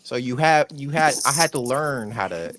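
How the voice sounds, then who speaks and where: A man from Chicago co-hosting a podcast, telling a story in a relaxed, halting way. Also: mid-range voice, slight background noise. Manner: relaxed, hesitant with fillers. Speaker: podcast co-host. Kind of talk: casual storytelling chat.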